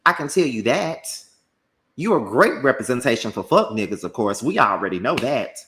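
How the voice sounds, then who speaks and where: A man delivering a combative, profane commentary rant packed with rapid-fire rhetorical questions. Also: mid-range voice, big pitch swings, a bit bright. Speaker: commentary YouTuber.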